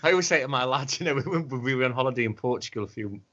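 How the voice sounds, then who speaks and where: Rambling sweary man, lively pitch. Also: rapid-fire, muffled recording. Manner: sweary, rambling, slips into mock voices. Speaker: podcast co-host. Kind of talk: casual chat.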